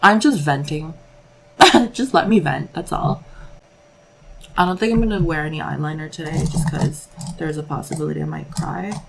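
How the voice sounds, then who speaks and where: Young female beauty vlogger, casual and candid, with a low, gravelly voice. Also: steady tone, moderate pace, noisy background. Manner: candid, rambling, peppered with 'like'. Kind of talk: casual makeup vlog chat.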